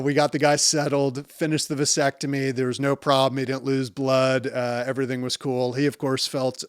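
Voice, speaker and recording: A man's voice: mid-range voice, clear, resonant tone, no room sound, clean studio sound. A middle-aged man, a urologist, telling funny stories from his clinic in a casual, candid way and laughing as he goes. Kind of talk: storytelling to camera.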